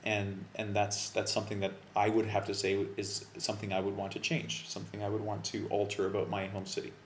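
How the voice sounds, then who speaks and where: Low-voiced man teaching in an echoey room. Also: brisk. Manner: relaxed, thinking aloud with fillers and restarts. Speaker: English test coach. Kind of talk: video lesson explaining exam phrases. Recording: roomy echo with faint background noise.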